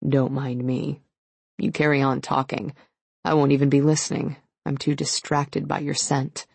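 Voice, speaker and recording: Female narrator playing a confident, possessive young man for an audiobook, low and teasing, gravelly edge. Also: flat delivery, normal speed, a little mellow, dry recording, exaggerated voice.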